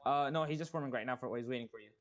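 A man's voice: mid-range voice, very fast. A man in game voice chat directing other players and repeating himself as he goes.

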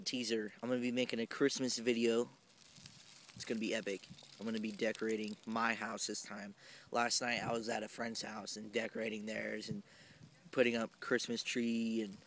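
A young man chatting casually to camera in a park, rambling with lots of fillers in an easygoing way. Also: on the low side. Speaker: vlogger. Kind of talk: casual vlog chat. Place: outdoors in a park. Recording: loud outdoor noise on a camera mic.

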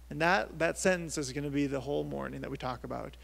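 A man in his thirties preaches to his congregation in a light, somewhat high tenor with a gravelly edge. His delivery is casual and conversational, full of restarts as he works through his points. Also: quick pace, hardly any pauses, a bit bright. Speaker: pastor. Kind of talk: sermon. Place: church service.

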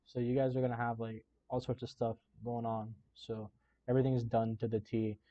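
A man's voice: medium pitch, little pitch movement, brisk, dark tone. Brief: male vlogger, casual reaction talk, emotional, mid voice, dull recording. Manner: chatty, emotional, many "like" fillers. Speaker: YouTuber reacting to a Navy boot camp video.

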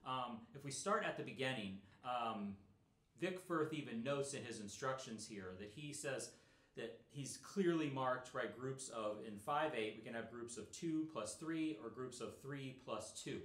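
A middle-aged man teaching snare drum in a relaxed, explanatory way, with many fillers. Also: medium pitch, a little slow, reverberant. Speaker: percussion teacher. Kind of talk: instructional talk.

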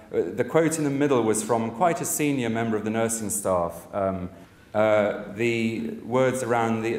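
A man with a fairly low, somewhat dark voice gives a conference talk on a cancer support service. He opens with a funny story, then turns reflective, using lots of fillers. The echoey recording was made in a conference hall.

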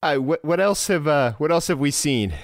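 A man's voice: on the high side, expressive, normal speed, no room sound, studio quality. A man co-hosting a podcast in casual chat, playful and teasing, laughing often. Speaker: podcast co-host.

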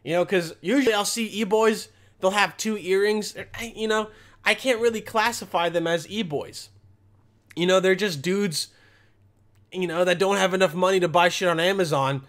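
High-pitched young male host, crude mock-outraged rambling commentary. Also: moderate pace, a bit bright. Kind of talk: comedic reaction commentary.

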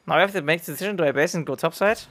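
A man's voice: fairly high pitch, rapid-fire, fairly bright tone. A man, an English speaker, giving casual gameplay commentary as a streamer, with gamer slang. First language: German.

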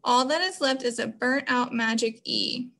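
A woman's voice: on the high side, normal speed, gravelly, a bit bright. A woman teaching a phonics lesson to children, explaining patiently step by step.

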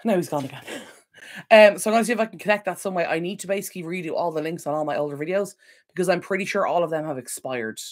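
A woman's voice: fairly low pitch, racing. A woman hosting a casual home livestream Q&A, rambling and apologetic, easily sidetracked while recovering from illness. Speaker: decluttering channel host. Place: home room at a computer. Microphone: desk microphone.

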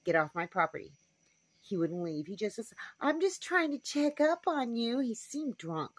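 A woman's voice: fairly high pitch, very animated, measured pace, no echo. A woman homestead vlogger telling a story to camera in a frank, rambling, casual way. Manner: rambling, frank, with fillers and asides.

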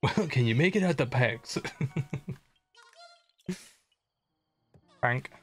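A man's voice: medium pitch, animated, very slow, a bit bright, soft background music. A young man casually commenting on his gameplay as a streamer, chatting and joking with viewers. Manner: chatty, jokey, reads chat aloud.

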